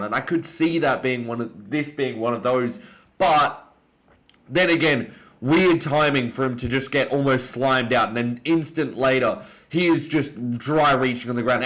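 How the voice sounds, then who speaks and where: A young Australian MMA commentator breaks down fights in a casual, opinionated and excitable way, often jumping up in pitch to stress a point.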